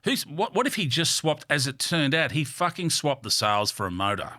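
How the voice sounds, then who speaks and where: An Australian man, guesting in a studio podcast interview, tells candid, animated stories at normal speed. His voice sits on the high side and is bright and forceful, and he talks bluntly, swearing freely and using vivid metaphors. The sound is close and dry, with no room echo.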